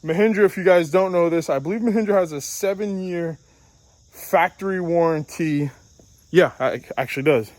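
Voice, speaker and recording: A man with a fairly high voice talks through a casual vlog outdoors beside his tractor. He rambles in a friendly, chatty way and pokes fun at himself for not knowing the proper part names. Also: moderate pace, darkish tone, poor audio. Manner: rambling, chatty, self-deprecating. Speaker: outdoor channel vlogger. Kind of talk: casual show-and-tell vlog.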